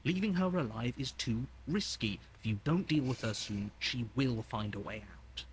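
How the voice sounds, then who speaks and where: An actor voicing a calm male narrator in a video game, speaking in measured second-person narration. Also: mid-range voice, a little hiss or hum, lightly acted.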